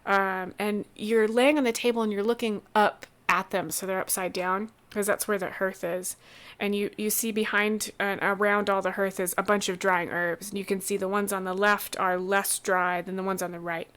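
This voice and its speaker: A woman narrates a tabletop role-playing game as its game master. She talks in an easygoing, stop-start way, often restarting her sentences. Her voice sits at a middling pitch for a woman. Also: clean tone. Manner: relaxed, halting narration with many restarts.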